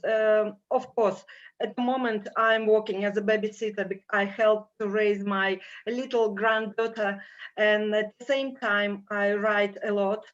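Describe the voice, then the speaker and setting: An older woman with a strong Russian accent, speaking slowly and haltingly with many fillers as a guest on a video call panel. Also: mid-range voice, a bit bright. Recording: dull lo-fi video call audio.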